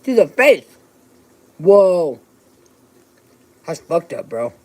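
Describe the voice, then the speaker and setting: A woman's voice: lowish voice, sing-song, drawn-out words, background noise. A woman on a rambling livestream from her home, ranting and swearing in an agitated way. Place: home, indoors.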